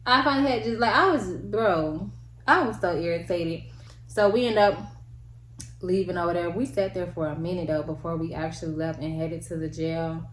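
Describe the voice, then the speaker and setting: Animated young woman telling a story. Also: normal speed, slight background noise. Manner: animated, slangy, acts out quotes with big pitch jumps. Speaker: vlogger. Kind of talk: casual storytime. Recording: echoey room with faint ambience.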